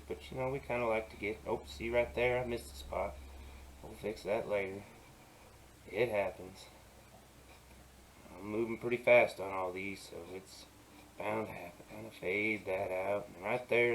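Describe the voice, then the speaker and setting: A man narrating his digital painting tutorial in a soft, easygoing way, often dropping to a murmur and adding playful asides. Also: on the low side, a little hiss or hum, poor audio. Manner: playful asides while working. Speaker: digital artist.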